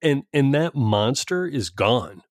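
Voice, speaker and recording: Animated, profane man chatting. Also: medium pitch, dry recording, clean studio sound. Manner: animated, swearing, quick mock impressions. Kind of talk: casual profane political chat.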